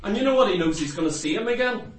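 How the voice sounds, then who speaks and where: Fervent preacher guy, really high voice, keeps asking the crowd questions, echoey church. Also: animated, fast. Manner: fervent, repeats rhetorical questions to the congregation. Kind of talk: sermon. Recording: echoey room, mic far off.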